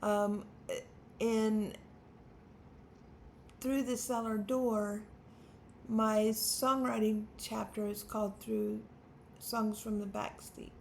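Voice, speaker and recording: A woman's voice: medium pitch, little pitch movement, slow, creaky, pauses often, a little mellow, slight background noise. A woman in her fifties, a songwriter hosting her own channel, talking unscripted to the camera in a nervous, stammering, self-deprecating way. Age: 50s.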